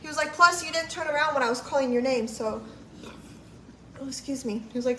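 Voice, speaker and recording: A woman's voice: high-pitched, brisk, bright, forceful tone. A woman casually telling a long story on a livestream, chatty and full of "like", quoting people and swearing freely. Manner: chatty, lots of "like", quotes people in her story. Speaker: livestream vlogger. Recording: echoey room, faint background noise.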